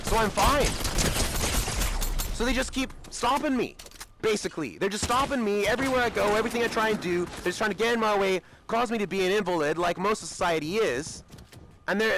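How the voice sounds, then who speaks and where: High-voiced Australian man ranting. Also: a little fast, noisy background. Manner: repetitive, aggrieved ranting. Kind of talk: rambling monologue while gaming.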